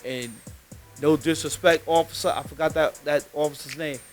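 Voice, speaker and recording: A man tells a street story in loose, slangy, emphatic talk. His voice sits a little higher than most men's. Faint music plays under him. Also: fairly even intonation, normal speed. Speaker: podcast host.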